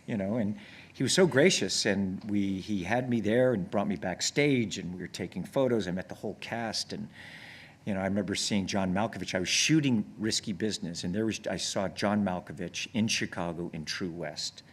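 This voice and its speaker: Lower-voiced man telling rambling stories. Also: normal speed, husky. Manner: rambling anecdotes with many restarts; grows excited and laughs when telling stories. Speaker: actor guest. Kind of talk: casual on-stage conversation. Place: on stage before an audience.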